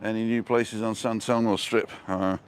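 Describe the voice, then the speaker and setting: A man's voice: on the low side, level tone, normal speed, clean tone. A middle-aged man hosting a casual live stream as he walks outdoors through town streets, chatting and reading out viewer comments with a joking manner.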